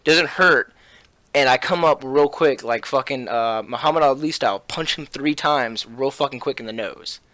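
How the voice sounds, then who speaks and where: Animated profane young man, dry sound. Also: mid-range voice, normal speed, no echo. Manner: animated, profane, with many fillers and restarts. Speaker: podcast host. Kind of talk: casual storytelling chat.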